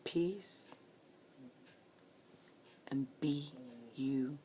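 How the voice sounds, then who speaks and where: A woman in her late forties speaking slowly and softly in a personal vlog, often close to a whisper, holding back tears. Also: low-pitched, slight background noise. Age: 40s. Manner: slow, soft-spoken, often near a whisper, earnest. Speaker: vlogger.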